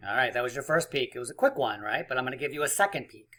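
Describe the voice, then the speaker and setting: A man teaching small children to count, upbeat and playful, with little sound effects between rounds. His voice is bright and forward, and his pitch sits in an ordinary middle range. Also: expressive, racing. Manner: encouraging, playful, counts aloud. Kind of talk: math lesson for young children.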